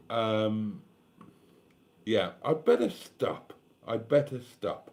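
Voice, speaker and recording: Slow, low-voiced male streamer, tired and tipsy, warm thanks. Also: lively intonation. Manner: slow, rambling, emotional, thanking viewers. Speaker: YouTube vlogger hosting a live stream. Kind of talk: casual late-night live stream chat.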